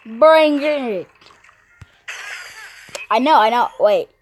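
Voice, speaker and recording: A woman's voice: a little high, expressive, drawn-out words, soft background music, low-quality recording. A woman giving casual, playful commentary while playing a game, talking to the characters and cracking puns. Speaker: gamer.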